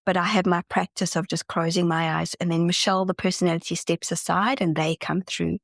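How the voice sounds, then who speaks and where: A woman's voice: lowish voice, flat delivery, a little fast, vocal fry, no echo, clean studio sound. A woman guest in a casual interview, talking earnestly and enthusiastically, often restarting her sentences. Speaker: podcast guest, spiritual channeler.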